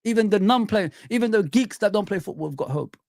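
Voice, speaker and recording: Gravelly-voiced man ranting on a live stream. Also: sits high, lively intonation, fast, darkish tone, dry recording, studio quality. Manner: blunt, worked-up football opinions, slangy. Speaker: livestream host reading chat. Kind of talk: casual live chat stream.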